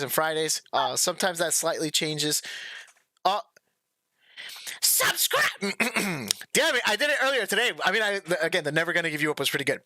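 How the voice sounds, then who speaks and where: A young man hosting a live music-arranging stream, relaxed and chatty, laughing easily and rambling a little. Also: sits high, no room sound. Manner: rambling, with many restarts. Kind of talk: casual live-stream chat.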